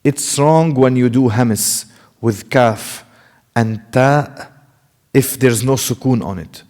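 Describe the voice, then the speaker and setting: A Quran recitation teacher whose first language is Arabic gives a tajweed lesson in English, correcting errors and repeating sounds to demonstrate them. His voice is medium-pitched, slow and a little mellow, and the recording has a long reverb from a large hall.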